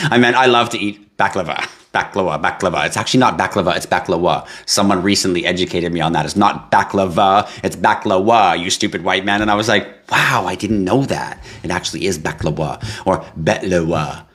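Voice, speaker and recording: A man hosting a live stream, reading viewer comments in a casual, animated way, laughing and swearing now and then. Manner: animated, laughs and swears, jumps to high yelps for effect. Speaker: livestream host.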